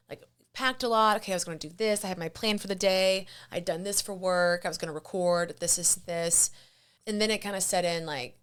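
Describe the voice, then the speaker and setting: A woman's voice: medium pitch, clean tone. A young woman hosting a solo podcast, rambling candidly and casually, with the odd swear word. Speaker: podcast host.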